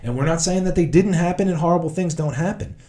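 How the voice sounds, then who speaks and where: A man's voice: on the high side, fast, dark tone. A man with a New Jersey accent co-hosting a casual podcast, talking bluntly and profanely. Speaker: podcast co-host.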